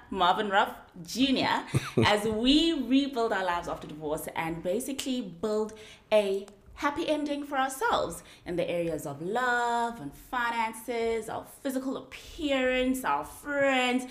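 A woman in her thirties with a Johannesburg South African accent, hosting a casual podcast, lively and teasing, laughing often. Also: fairly high pitch, takes it slowly, roomy sound. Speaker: podcast host.

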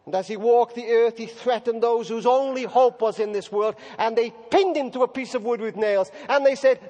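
A man preacher giving a sermon, telling stories dramatically, moving between loud declaring and hushed tones. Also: extremely high pitch, normal speed, few pauses. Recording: echoey hall reverb.

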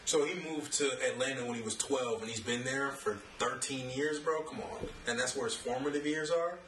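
A man's voice: medium pitch, normal speed, fairly bright tone. A man co-hosting a podcast, chatting casually and arguing his points bluntly with plenty of slang. He sits back from the mic, so his voice sounds distant in a roomy, echoey space. A faint hiss of noise runs underneath. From American South. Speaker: podcast co-host. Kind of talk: casual chat.

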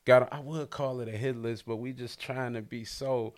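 A man's voice: medium pitch, fairly even intonation, normal speed. A man hosting a podcast interview, talking loose and slangy as he hypes up his guest over a video call. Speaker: podcast host. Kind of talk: casual interview chat.

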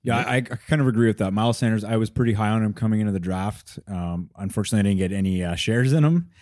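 A man's voice: lowish voice, fast talker, darkish tone, no room sound, clean studio sound. A man from Canada co-hosting a fantasy football podcast, reasoning his picks aloud. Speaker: podcast co-host. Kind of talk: casual sports chat.

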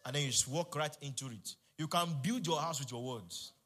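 A middle-aged male pastor, preaching fervently and leading the congregation in call-and-response, rising at times to shouts. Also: fairly high pitch, brisk. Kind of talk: sermon.

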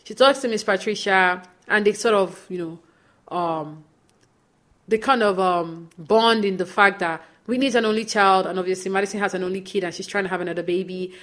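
A young woman hosting a podcast, casually recapping a reality show and acting out what the cast said in lively quoted voices. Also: mid-range voice, brisk. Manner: chatty, animated retelling with quoted voices. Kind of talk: casual chat.

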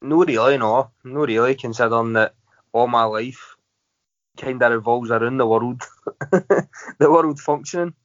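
A man's voice: mid-range voice, a little slow, pauses often, no room sound. A Scottish man hosting a casual podcast chat, teasing his guest and laughing often. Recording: dry, dull lo-fi audio.

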